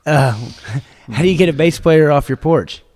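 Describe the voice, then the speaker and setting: A man's voice: on the high side, moderate pace, darkish tone. A man co-hosting a podcast in casual chat, teasing and telling jokes. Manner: teasing, joke-telling, trails off. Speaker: podcast co-host.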